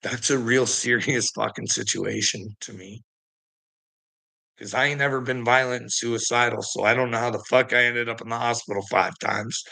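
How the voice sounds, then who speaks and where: Man with a gravelly, tense voice, telling a story to a friend off the cuff; swears constantly, breaks into laughter. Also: mid-range voice, fairly even intonation, moderate pace, sharp tone. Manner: profane, rambling, laughs often mid-sentence. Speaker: vlogger. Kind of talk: casual monologue to a friend.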